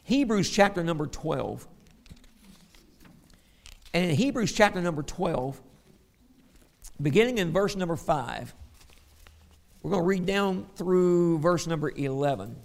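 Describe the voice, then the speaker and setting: A man's voice: a little high, lively intonation, unhurried, vocal fry, long pauses. A middle-aged man preaching a sermon, telling stories and reading scripture aloud. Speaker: pastor.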